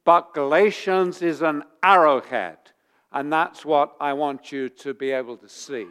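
A pastor with a smooth, slightly high voice preaches a little slowly, repeating his points and growing heated, driving each one home with rising force in an animated delivery.

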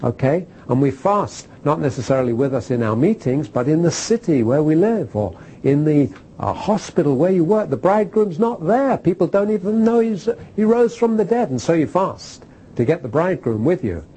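A man teaching a Bible class, animated and repeating key phrases for emphasis, with filler "uh"s. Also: fairly high pitch, moderate pace, a little hiss or hum, rough recording. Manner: uses fillers like "uh".

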